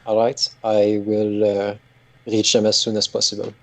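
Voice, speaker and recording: A man's voice: on the low side, monotone, moderate pace, no room sound, low-quality recording. A man from Quebec with a Quebecois French accent, joking and swearing as a player in a tabletop game. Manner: joking, profane, playing a bard in a French accent. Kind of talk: tabletop role-play chat.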